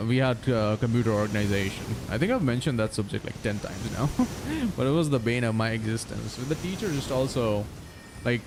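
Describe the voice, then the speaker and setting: A man's voice: medium pitch, gravelly, background noise. A young man in his twenties streaming a game, chatting casually with viewers, swearing freely and laughing often. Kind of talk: casual chat with stream viewers while gaming.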